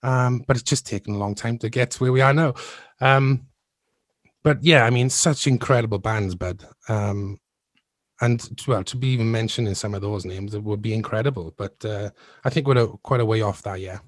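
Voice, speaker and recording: A man's voice: on the low side, normal speed, no echo. A man in his thirties, a musician guest telling stories in a rambling, casual way. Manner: rambling, restarts often, laughs through stories. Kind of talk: casual storytelling interview.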